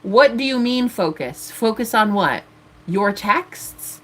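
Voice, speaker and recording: A woman's voice: medium pitch, expressive, slow. A woman in her thirties ranting defiantly on a live stream as a tarot reader. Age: 30s.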